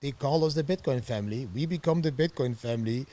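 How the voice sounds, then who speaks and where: A middle-aged man, telling his story as a podcast guest in an animated way and laughing often. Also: medium pitch, fast. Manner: animated, laughs often, acts out quoted voices. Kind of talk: storytelling interview.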